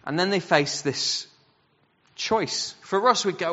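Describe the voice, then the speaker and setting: A man preaching a sermon, telling a story in an animated way and acting out the voices he quotes. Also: on the high side, normal speed. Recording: dull sound with long hall reverb.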